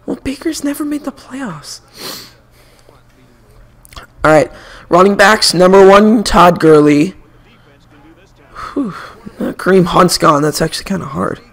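A young gaming streamer with a high, gravelly voice talks at a measured pace, leaving long pauses. While playing a video game he chats casually, throwing out animated and opinionated sports opinions.

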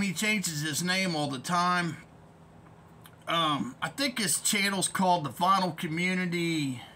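A man's voice: sits high, sharp tone, slight background noise. A man ranting in a vlog as an online commentator, profane, rambling and heated.

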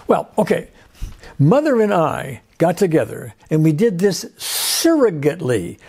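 An older man with a warm, fairly high voice talks through a story in an easy, unscripted way. He rambles, restarts his phrases and leans on fillers as he explains. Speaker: host. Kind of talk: casual explanatory talk.

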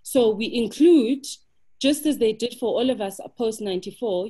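This South African woman, a panelist in a webinar discussion over a video call, builds her points with rhetorical questions in an impassioned, emphatic way. Her voice is husky and fairly high, with a dark tone and a moderate pace.

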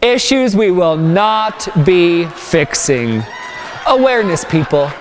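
A man's voice: sits high, sing-song, slow pace, crowd noise, heavily acted. A young man playing a brash, mocking trash-TV talk show host in a comedy sketch, talking like an announcer. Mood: showy.

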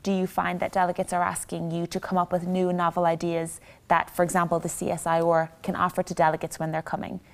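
A woman's voice: fairly low pitch, monotone, quick pace, gravelly, hardly any pauses. A woman interviewer asking questions and chiming in with short affirmations.

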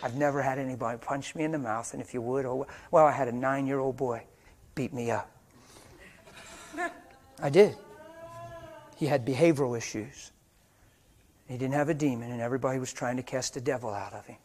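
An older white-haired preacher telling a story in a sermon, dropping to hushed whispers and rising to loud, fervent preaching before a live audience. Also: male voice, mid-range voice, steady tone, brisk, long pauses. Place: church or meeting hall before a live audience.

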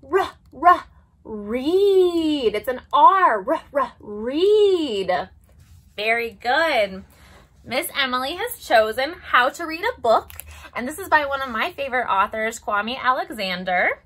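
A young woman leading a preschool story time as a librarian, animated and sing-song, gasping in mock surprise. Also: high voice, moderate pace. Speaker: children's librarian.

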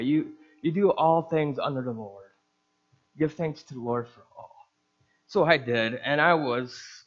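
A man's voice: mid-range voice, highs cut off. A male pastor giving an earnest testimony sermon, telling his story and acting out the voices of the people in it.

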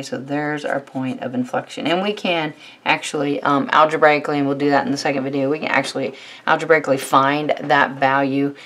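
Woman math instructor, low pitch, steady explainer for a tutorial. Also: slight background noise. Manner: steady, fills pauses with "all right". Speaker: math teacher.

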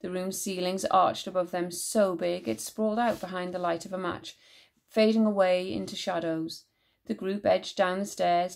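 A woman teacher reading a children's novel aloud in a measured, expressive way. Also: mid-range voice, gravelly.

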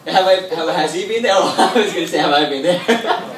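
Sri Lankan-accented young male magician, chatty showman, slightly high voice, echoey room, mic far off. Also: expressive, a little fast, a bit bright. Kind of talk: stand-up stage patter. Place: comedy club stage.

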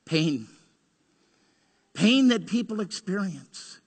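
A male pastor preaching a sermon, telling stories earnestly, rising to urgency and dropping to hushed tones. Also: high-pitched, animated, takes it slowly, husky. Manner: earnest storytelling, swings between urgent and hushed. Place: church sanctuary. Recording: long hall reverb.

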